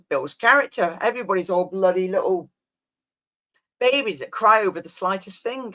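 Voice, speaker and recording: A woman's voice: mid-range voice, moderate pace, long pauses, fairly bright tone. A woman in her fifties, a live streamer rambling and reminiscing in casual chat with her viewers, often trailing off.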